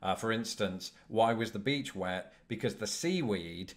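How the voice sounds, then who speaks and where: A British man presenting in a measured, wordy style with a fairly low voice. He delivers jokes deadpan and uses elaborate phrasing. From Britain. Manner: articulate, dry, wordy. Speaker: video presenter. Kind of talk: scripted presenting with dry humour.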